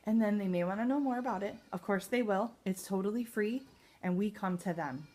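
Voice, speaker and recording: A woman at home at night giving a team a casual training talk as a sales leader, upbeat and chatty with many fillers, a little excited and nervous. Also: mid-range voice, a little fast.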